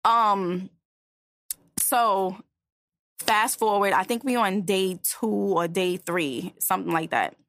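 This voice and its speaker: A young woman co-hosting a podcast, telling a story in animated, swearing casual chat. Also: medium pitch, slow. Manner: animated, swearing, frequent restarts. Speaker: podcast co-host.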